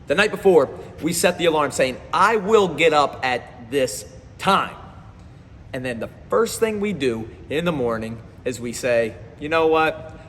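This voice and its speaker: A man giving a live-streamed motivational talk as a performance coach, energetic and speaking straight to his viewers, often repeating phrases. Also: a little high, in a large hall, slight background noise.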